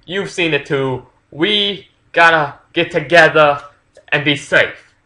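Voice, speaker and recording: A man doing a brash, drunk teenage boy who swears freely, his voice pushed up higher than usual. He sounds excited and loose, with a bright, sharp edge. The delivery is casual storytelling, not polished acting. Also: slow. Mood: urgent.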